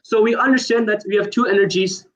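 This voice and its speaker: A man in a heated online debate, pressing his questions fast and insistently, talking over the other side. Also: sits high, steady tone, low-quality recording.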